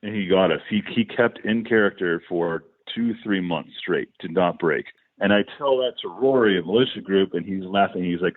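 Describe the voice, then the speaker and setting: A middle-aged man with a very low, deep voice recounts tour stories in a loose, rambling way. He starts over often and piles on asides. The sound is dry and squeezed down to a narrow, phone-like band. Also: normal speed, hardly any pauses, no echo. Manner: rambling, animated anecdotes with many restarts. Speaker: musician, guest. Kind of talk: casual storytelling in a podcast interview.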